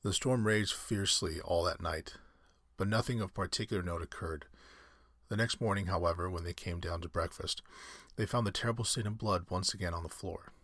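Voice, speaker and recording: A man reading a classic story aloud in measured, scripted narration. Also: low-pitched, a bit bright, no room sound, clean studio sound.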